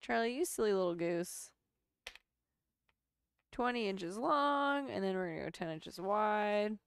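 A woman's voice: medium pitch, expressive, measured pace, smooth, dry recording. A woman chatting casually at home as she works on a sewing pattern and coos baby talk to her cat. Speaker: sewing vlogger. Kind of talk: casual chat while sewing.

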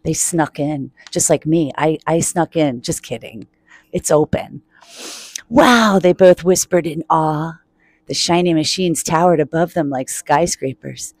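Playful woman reading a kids' book aloud, kept quiet, lowish voice, dry close mic. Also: fairly even intonation, measured pace, no room sound. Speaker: children's book reader. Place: public laundromat.

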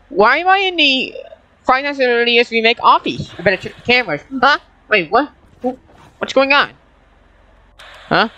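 A woman's voice: a little high, animated, a little slow, pauses often, fairly bright tone, soft background music. A woman YouTuber in a comedic gaming vlog, talking in a whiny, panicky, melodramatic way and often breaking into shrieks.

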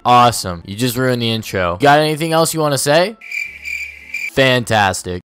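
A young man hosting a gaming channel, giving excitable, profane, self-mocking gameplay commentary. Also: medium pitch, moderate pace, background noise.

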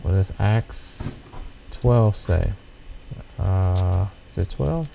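Male preacher, bible study; unhurried, phrase-by-phrase delivery, dark tone, asks "See?" a lot. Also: sits low, lively intonation, gravelly, a little hiss or hum, low-quality recording. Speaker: preacher leading a scripture study. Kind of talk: informal bible teaching, reading verses and explaining them.

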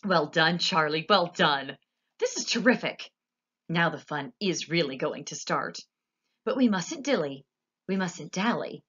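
A woman voicing an eccentric, cheerful male candy maker in a storybook reading, with quick, exclamatory, bubbly delivery. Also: lowish voice, expressive, fairly bright tone, breathy edge, highs cut off, exaggerated voice. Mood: brisk cheerful. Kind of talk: storybook character voice.

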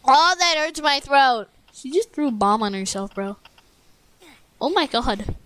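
A woman hosting casual gameplay commentary at a home computer mic, excitable, shrieking and joking while she plays. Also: high voice, slow pace, pauses often, background noise. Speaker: gaming channel host.

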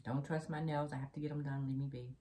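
A woman's voice: extremely low pitch, level tone, quick pace, warm tone. A woman giving a casual tarot reading, chatty and repetitive, talking straight to her viewers. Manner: chatty, repeats phrases, addresses the viewer directly. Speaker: tarot card reader.

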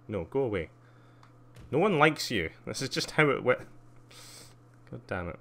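Excitable man streaming a game. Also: mid-range voice, moderate pace, creaky, long pauses, a little hiss or hum. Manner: excitable, squeals gleefully at jumps and mocks himself; chats with viewers while playing, laughs often. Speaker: streamer playing a video game. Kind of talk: live gameplay commentary.

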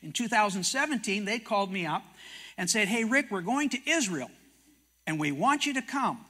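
Bright-voiced older Canadian preacher. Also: male voice, high-pitched, lively intonation, normal speed. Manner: folksy storyteller, acts out dialogue in quotes. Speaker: prophecy teacher and TV host. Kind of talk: sermon-style storytelling talk.

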